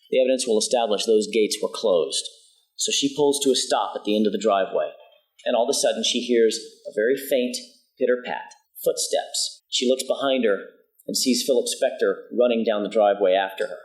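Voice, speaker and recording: A man delivering a prosecutor's opening statement in a courtroom, retelling events in a measured, emphatic way and quoting dialogue. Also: medium pitch, low-quality recording.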